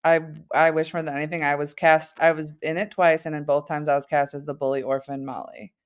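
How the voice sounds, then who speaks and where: A woman guest on a podcast, with a smooth, clear voice. She tells self-deprecating stories in a relaxed, chatty way. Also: low voice, fairly quick. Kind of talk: casual chat.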